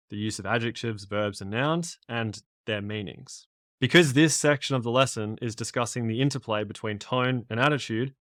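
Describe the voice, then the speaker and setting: A man's voice: medium pitch, a bit bright, no room sound, clean studio sound. Methodical man teaching a lesson. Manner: methodical, recaps and signposts each step. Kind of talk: lesson explaining exam concepts.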